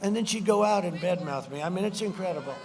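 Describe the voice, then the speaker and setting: Guy with a highish voice doing a rally speech outdoors on a stage mic, repeats himself a lot, brags, faint noise behind. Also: quick pace, darkish tone. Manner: repetitive, boastful, slips into mocking quoted voices. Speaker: political speaker at a campaign rally.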